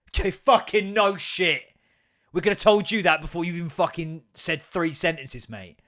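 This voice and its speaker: A man's voice: high-pitched, a little fast, fairly bright tone. An English man hosting a podcast, ranting casually, swearing a lot and laughing often. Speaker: podcast host. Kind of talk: casual comedic rant.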